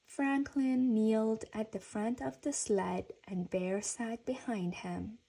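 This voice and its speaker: A woman reading a children's storybook aloud in a gentle, even storytelling manner. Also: a little high, slow, creaky, slightly rough, poor audio. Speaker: reader.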